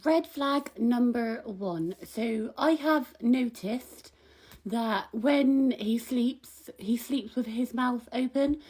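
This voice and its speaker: Young woman, high voice, gossipy comic rant to camera, indignant and rambling. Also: slow, darkish tone, husky. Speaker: comic vlogger.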